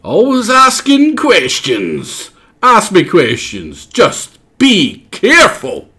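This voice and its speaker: A man voicing a small, anxious male crab who wants a bigger shell, in a strained, high put-on voice for a video game. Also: wildly swooping pitch, takes it slowly, bright, forceful tone, slightly rough, heavily acted. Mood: wary.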